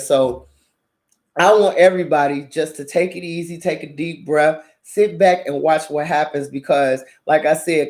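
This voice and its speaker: Profane, laughing woman in a roomy space. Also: low-pitched. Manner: profane, animated storytelling with frequent laughter. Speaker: channel host. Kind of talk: casual monologue.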